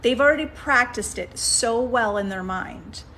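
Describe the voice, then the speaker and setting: In an unhurried, slightly high voice with a sharp tone, a manifestation coach talks casually to her audience over faint hiss or hum. She gently encourages them, keeps asking "okay?" and "right?", and often begins sentences again while working through her thoughts.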